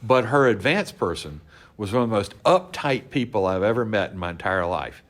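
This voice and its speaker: A man guest on a podcast interview, telling backstage anecdotes from his work organizing conventions in a relaxed, storytelling manner. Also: on the low side, moderate pace.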